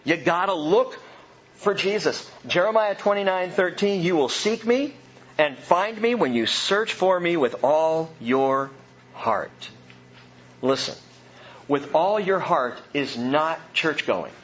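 A man's voice: on the high side, expressive, unhurried, dull audio, slight background noise. A man preaching a sermon, earnest and emphatic, asking his listeners question after question. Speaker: pastor.

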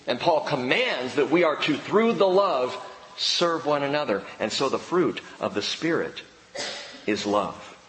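A male pastor preaching a sermon, swinging between loud emphatic peaks and quiet low drops, with dry humor. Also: a little hiss or hum. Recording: long hall reverb, faint ambience.

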